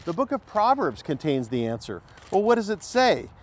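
Emphatic preaching man, higher voice. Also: big pitch swings, moderate pace, a little hiss or hum. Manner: emphatic, repeats key phrases and asks rhetorical questions. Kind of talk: sermon.

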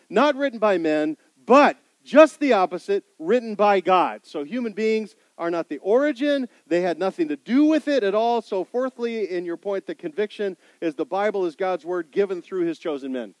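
A man's voice: high voice, no room sound. A man preaching a sermon as pastor, emphatic, repeating key points and asking his listeners questions.

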